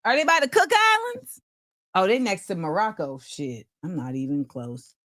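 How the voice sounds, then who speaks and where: A woman's voice: mid-range voice, big pitch swings, moderate pace, fairly bright tone, no echo, clean studio sound. A woman hosting a casual livestream show, playful and sing-song, reading out where viewers are watching from. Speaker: host.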